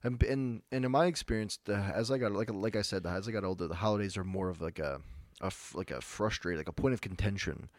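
A young man co-hosting a podcast in casual chat, laid-back and halting, with many restarts. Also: on the low side, dry recording. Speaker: podcast co-host.

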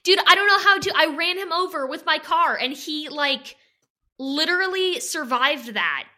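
A woman co-hosts a casual podcast with a high, bright voice that swings widely in pitch. She tells wildly exaggerated jokes in a deadpan tone. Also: normal speed. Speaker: podcast co-host. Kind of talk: casual chat.

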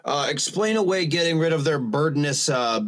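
A man's voice: a little high, animated, moderate pace, fairly bright tone. A male podcast co-host in casual chat, who corrects his partner dryly and swears casually.

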